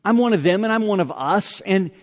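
A man preaching a sermon as pastor, conversational and animated, with self-deprecating asides. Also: high voice, a little fast, big-room sound.

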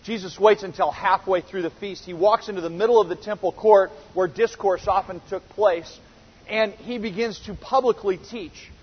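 In a reverberant hall, captured with dull lo-fi sound, a husky, high-voiced man works through scripture verse by verse. He's earnest, asks lots of rhetorical questions, and frequently starts his sentences over, speaking at normal speed.

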